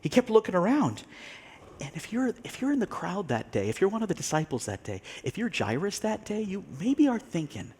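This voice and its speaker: A male pastor preaching a sermon, telling a story with animated delivery, acting out the people he quotes and laughing now and then. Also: high voice, fairly quick, breathy edge.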